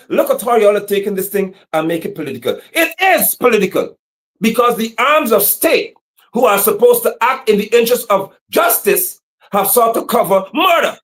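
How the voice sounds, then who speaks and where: On a livestream, an activist speaks with passion in a voice that sits high, sermonizing and chanting slogans again and again, occasionally breaking into shouts.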